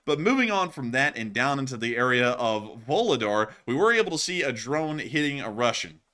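Give me an animated male host with a bright, forceful voice, casual and jokey. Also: medium pitch. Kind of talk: casual war news commentary.

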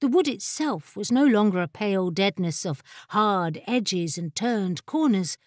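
Woman reading a fantasy audiobook, slow and unhurried, dry close sound. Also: mid-range voice, expressive, no room sound. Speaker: audiobook narrator. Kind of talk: scripted storytelling narration.

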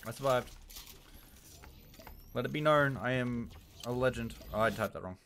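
A young man commentating his own live gameplay, jumping between loud yelps and low muttering. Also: normal speed. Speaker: livestreamer. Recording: noisy home stream mic with key clicks.

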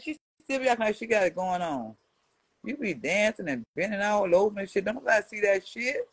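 A woman in her seventies delivering a profane trash-talking response rant to a rival. She is brash and mocking, and swings between low mutters and loud jabs. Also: animated, brisk, husky, dry recording, low-quality recording. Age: 70s. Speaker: social media personality answering a rival.

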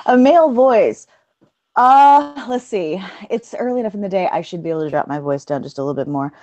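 A woman audiobook narrator with a low register, chatting as an interview guest and laughing often. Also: expressive, very fast, dark tone, no echo. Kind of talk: casual interview chat.

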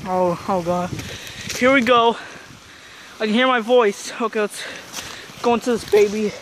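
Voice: medium pitch, measured pace, a little hiss or hum. A vlogger nervously narrating a casual exploration inside a wet, icy tunnel, hesitant and full of fillers. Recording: loud music over the voice.

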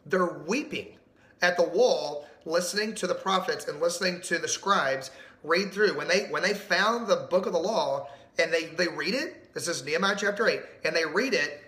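A middle-aged man preaching a sermon, animated and emphatic, asking the audience questions. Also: on the high side, echoey room. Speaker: pastor.

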